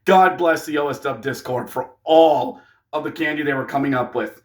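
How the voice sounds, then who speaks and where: Brief: high-pitched male reviewer, casual monologue, excitable, jokey. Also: moderate pace. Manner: excitable, jokey, acts out wrestlers' lines. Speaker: wrestling reviewer.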